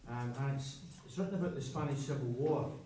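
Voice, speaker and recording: A man introducing a song at a folk club, chatting in a halting way with many ums and restarts. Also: medium pitch. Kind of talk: live stage patter between songs. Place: folk club room at a live gig. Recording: echoey live room from far off, loud guitar.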